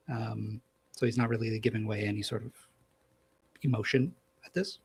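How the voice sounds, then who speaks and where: Husky-voiced man running a tabletop game. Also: mid-range voice, normal speed, pauses often, a little mellow, low-quality recording. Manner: casual, filler-heavy narration. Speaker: game master.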